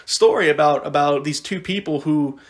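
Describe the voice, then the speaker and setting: A young man co-hosting a podcast, chatting casually in an animated way, rambling with frequent restarts. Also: on the high side, normal speed. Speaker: podcast co-host. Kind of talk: casual chat.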